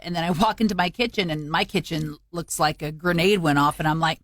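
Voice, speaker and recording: A woman's voice: fairly low pitch, fairly even intonation, quick pace, fairly bright tone, no room sound. Joking woman co-host, dry studio sound. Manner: joking, self-deprecating. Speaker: radio co-host. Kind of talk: casual studio chat.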